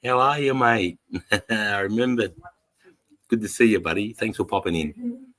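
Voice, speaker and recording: Deep-voiced Australian man, blunt and sweary. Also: expressive, unhurried, fairly bright tone, poor audio. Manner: blunt and sweary, greets viewers as brother. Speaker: livestream host reading chat. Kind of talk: casual chat.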